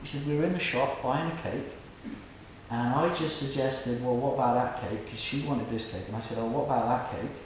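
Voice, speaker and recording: A man's voice: medium pitch, fairly quick. A man giving an informal spiritual lecture, telling stories and acting out the people in them. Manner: storytelling, acts out quoted people, laughs along with audience. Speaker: lecturer at a temple. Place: hall with an audience. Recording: very echoey room, noisy background.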